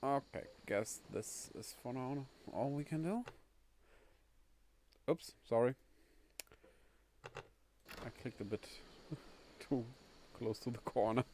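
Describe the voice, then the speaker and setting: A man's voice: medium pitch, slow pace, pauses often, darkish tone, slight background noise. A man casually commenting on his game playthrough, chatty and thinking aloud, often amused. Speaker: streamer.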